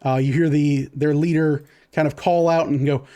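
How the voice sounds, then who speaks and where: A man's voice: on the high side, fairly even intonation, normal speed, hardly any pauses, dark tone. A man running a tabletop game as game master, narrating casually with lots of fillers and counting out dice rolls.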